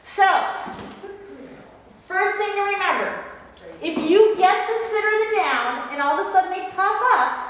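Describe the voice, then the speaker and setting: A woman's voice: very high-pitched, a bit bright. Upbeat woman trainer in an echoey hall. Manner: upbeat, praising the puppy between explanations. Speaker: dog trainer. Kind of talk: instructional dog training demo. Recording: echoey hall with faint noise.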